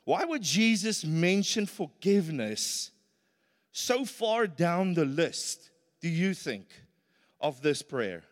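South african preacher guy, high voice, gets emphatic, big echoey church sound. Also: sing-song, takes it slowly. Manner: earnest, rises to emphatic peaks. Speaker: pastor. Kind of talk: sermon. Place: church hall. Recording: reverberant church hall.

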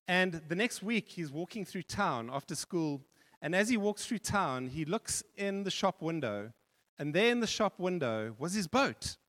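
Male pastor, sermon, storytelling, animated, fairly high voice, long church-hall reverb. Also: moderate pace.

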